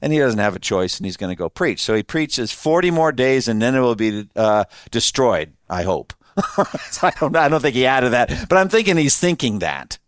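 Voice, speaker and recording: A man's voice: mid-range voice, lively intonation, moderate pace, no room sound, studio quality. A man preaching a sermon in a conversational way, laughing often and asking his listeners questions. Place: room with an audience.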